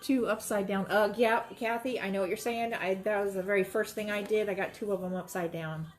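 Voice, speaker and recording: A woman's voice: mid-range voice, fairly even intonation, fairly quick, faint music behind. A woman, chatting and rambling to viewers while she demonstrates quilting, talking straight to her audience. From Florida. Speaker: quilting livestream host.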